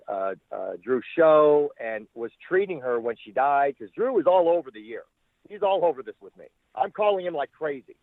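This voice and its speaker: A man's voice: mid-range voice, no room sound. A man, a former talent manager, telling rambling stories in an interview, swearing freely and acting out what other people said. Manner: rambling, profane, acts out quoted people. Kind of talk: casual storytelling interview. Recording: tinny phone-line sound, dry.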